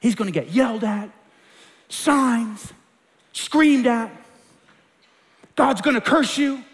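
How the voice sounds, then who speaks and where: A male pastor with a high, bright-pitched voice delivers an impassioned sermon. He swings between hushed, earnest stretches and loud, rising emphasis, acting out short quoted voices. The sound carries a long reverb tail, as in a large church sanctuary. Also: expressive, slow pace. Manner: impassioned, quoting scripture with acted asides.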